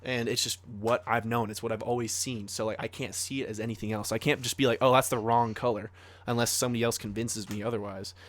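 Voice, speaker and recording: In a mid-range voice at a quick pace, a young podcast co-host tells a story in an animated, casual way. He swears and leans heavily on filler words like "like."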